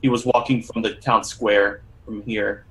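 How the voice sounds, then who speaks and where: A man narrating as game master, calm and even, now and then speaking briefly for characters. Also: fairly low pitch, unhurried, rough recording. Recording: faint background noise.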